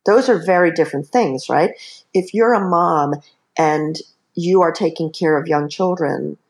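A woman's voice: deep voice, a little slow. A woman author speaking as a podcast guest, explaining earnestly with many asides. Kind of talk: podcast interview.

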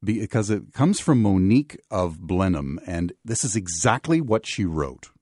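A man's voice: sits low, very animated, measured pace, a little mellow, no echo, studio quality. A man hosting a radio talk show, reading sponsor copy and chatting with a guest in an upbeat way. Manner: upbeat, reads ad copy and testimonials smoothly. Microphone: studio microphone.

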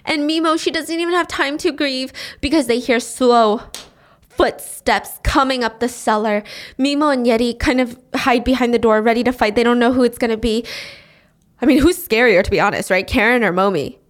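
Young woman podcast host, high voice, lively casual recap. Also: moderate pace. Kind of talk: animated casual storytelling.

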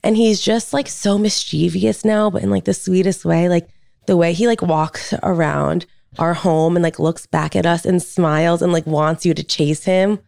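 In this casual podcast chat, a woman in her thirties co-hosting the show gushes about her son and fills her talk with "like." Her lowish voice is creaky and darkish with fairly even intonation and a moderate pace, captured in studio quality without room sound.

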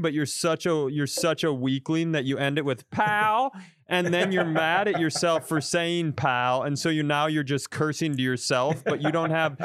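A man's voice: fairly high pitch, a bit bright, no echo, studio quality. A man co-hosting a comedy podcast, swearing freely and laughing through his own stories in casual chat. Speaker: podcast co-host.

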